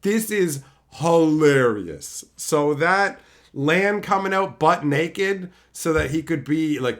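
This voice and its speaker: A male streamer talks casually to his chat, cursing freely as he rants. His voice sits a little higher than most men's. His pitch swings widely from line to line. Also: animated, slow, fairly bright tone. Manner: profane, ranting, reacting to chat. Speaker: livestream host. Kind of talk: unfiltered livestream chat.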